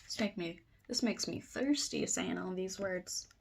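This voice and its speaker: A woman reading a children's book aloud at circle time, trying tongue twisters slowly and then fast, with playful asides. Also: on the low side, vocal fry, noisy background. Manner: reads tongue twisters slowly, then races through them, comments playfully.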